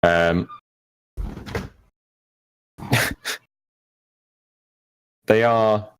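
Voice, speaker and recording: A low-voiced man narrates a tabletop game as its game master. He pauses often and fills the gaps with ums and uhs. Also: steady tone, slight background noise. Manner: hesitant, with many fillers.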